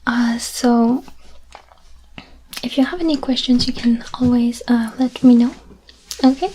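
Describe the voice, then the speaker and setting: A woman in a whispered role-play as a teacher, soft-spoken and patient, repeating phrases slowly. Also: fairly high pitch, slight background noise, rough recording.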